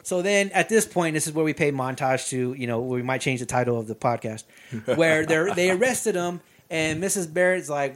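A man co-hosting a podcast, casually recapping a movie and acting out characters' lines in loud voices. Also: a little high, moderate pace. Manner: animated, acts out lines in shouted voices. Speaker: podcast co-host.

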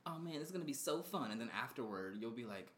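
A man with a bright, sharp voice speaks fast, joking and teasing in casual podcast chat. His voice is lively. The room has an echo and faint background noise. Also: medium pitch. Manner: quick, teasing and playful. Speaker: podcast co-host.

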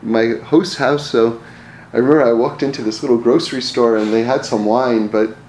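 A man's voice: mid-range voice, steady tone, normal speed, a little mellow, a little hiss or hum. A man telling personal stories in a casual, rambling way, often restarting his words and chuckling. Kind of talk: casual storytelling talk. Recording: roomy echo, faint ambience.

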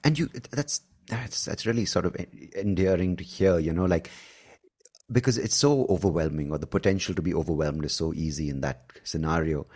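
A man's voice: low voice, a little fast, a little mellow, breathy edge. A man hosting a podcast, speaking earnestly and enthusiastically, often adding "right?" and "like". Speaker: podcast host. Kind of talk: casual podcast chat.

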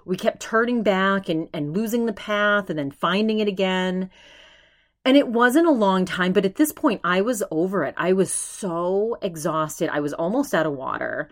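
A woman hosting her own podcast, telling a story alone in a chatty, animated way with many restarts and quoted asides. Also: mid-range voice, moderate pace. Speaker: podcast host. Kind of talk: casual solo storytelling.

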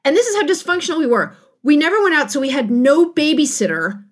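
A middle-aged woman, a guest author on a podcast, telling a personal story in a casual, animated way and laughing often. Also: sits high, quick pace. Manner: animated, laughing, acts out quotes.

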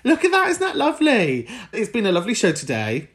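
A man's voice: sits high, huge pitch swings, fast talker. A man hosting a podcast, chatty and camp with frequent giggles. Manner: camp, giggly, warm-hearted asides. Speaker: podcast host.

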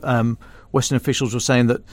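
A man's voice: medium pitch, little pitch movement, brisk, no room sound. A man, a defence and security editor, giving casual podcast analysis in an explanatory way, often stopping and restarting mid-phrase.

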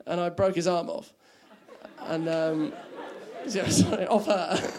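High, gravelly-voiced comic. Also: male voice, steady tone, slow pace, crowd noise. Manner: rambling, self-mocking, laughing at his own jokes. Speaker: stand-up comedian. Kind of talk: stand-up comedy set.

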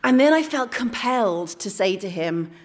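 A woman telling a candid personal story on stage in a playful way, dropping into hushed asides. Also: medium pitch, lively intonation, normal speed, slight background noise. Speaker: story slam finalist.

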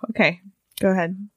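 A woman's voice: mid-range voice, husky, no echo, studio quality. A woman co-hosting a podcast who calls herself a psychic, chatting casually with lots of fillers. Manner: filler-heavy, giggly. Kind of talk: casual chat.

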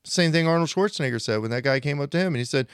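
Forties guy on a podcast, lively storyteller, dry close mic. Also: on the high side, very fast, smooth, no echo. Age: 40s. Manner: animated storytelling, acts out quoted people. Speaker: podcast co-host. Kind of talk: casual podcast chat.

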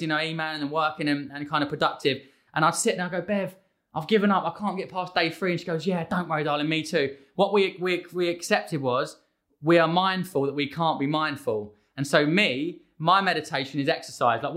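A lively guest in his thirties, talking casually and slipping into little voices for his kids. His tone is bright and forceful, sitting slightly higher than most men. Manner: animated, acts out his kids' voices. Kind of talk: casual conversation.

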